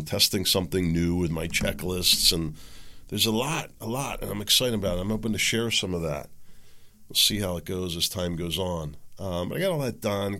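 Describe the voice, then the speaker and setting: A man's voice: sits low, creaky, pushed and bright. A middle-aged man hosting his own podcast, talking casually and frankly with lots of ums and asides. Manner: rambling, chatty, frank, with frequent ums and self-corrections. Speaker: podcast host. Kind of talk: casual solo podcast monologue.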